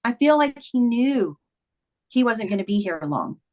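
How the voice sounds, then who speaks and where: A middle-aged woman with a fairly high voice tells a personal story in an interview. She is earnest and animated, and she acts out the lines of the people in her story as she goes. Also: a little slow. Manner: earnest, animated retelling with quoted dialogue. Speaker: guest, memoir author. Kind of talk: conversational storytelling.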